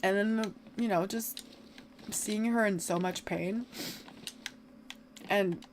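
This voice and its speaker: A woman's voice: mid-range voice, takes it slowly, a little hiss or hum. A woman livestreamer chatting casually while gaming, rambling and filling her talk with "like". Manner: rambling, heavy use of "like" fillers.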